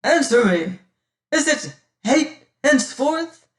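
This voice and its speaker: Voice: medium pitch, takes it slowly, echoey room, recorded from a distance, natural voice. A reader voicing a passionate, tormented young sailor in an audiobook. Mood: fierce. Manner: fierce and demanding, then remorseful. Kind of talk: audiobook character reading.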